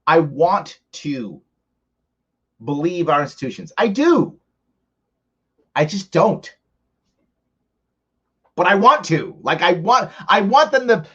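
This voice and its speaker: A man talks his way through viewer questions on a live ask-me-anything stream, conversational and building his case by examples. His voice sits on the higher side and rises and falls with a lot of movement. The stream audio sounds a little muffled and lo-fi. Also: takes it slowly, long pauses, breathy edge. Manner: animated, conversational, arguing by examples. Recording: slightly dull lo-fi stream audio.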